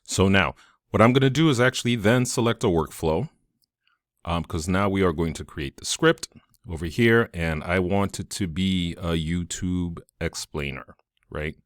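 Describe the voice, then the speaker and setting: Very low-voiced man walking through software. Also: moderate pace, no echo, studio quality. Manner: casual, enthusiastic, thinks aloud with fillers. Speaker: tutorial host. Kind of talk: screen-recorded software tutorial.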